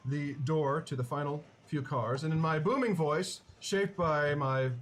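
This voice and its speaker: A man's voice: fairly high pitch, measured pace. A man playing a tabletop role-playing game, speaking in a pompous, oratorical way. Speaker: player.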